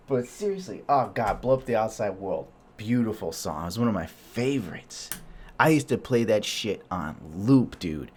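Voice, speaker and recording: A man's voice: fairly low pitch, animated, normal speed, soft background music. A man hosting a solo podcast, talking in a crude, jokey, rambling way. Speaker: podcast host.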